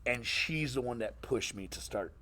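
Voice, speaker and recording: A man's voice: medium pitch, moderate pace. A man streamer telling a gaming story in casual chat, acting out the voices of the people in it. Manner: animated, acts out voices in his stories. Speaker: streamer and interviewer.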